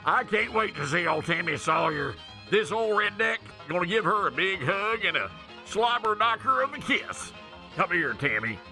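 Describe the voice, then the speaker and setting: A man's voice: high-pitched, expressive, moderate pace, bright, forceful tone, heavily acted. A man playing a rowdy, hollering redneck caller with a whooping country drawl. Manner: yelps and hollers, folksy. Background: faint country music.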